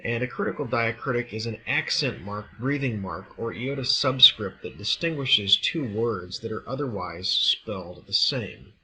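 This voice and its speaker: A man teaching a recorded lesson, explaining step by step in a measured way. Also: lowish voice, animated, sharp tone, low-quality recording. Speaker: Greek teacher. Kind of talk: recorded classroom lecture.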